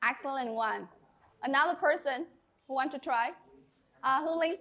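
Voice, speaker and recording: A woman with a Vietnamese accent, teaching an English class and giving slow, deliberate instructions in a classroom. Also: high-pitched, pushed and bright, a little hiss or hum. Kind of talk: classroom lesson.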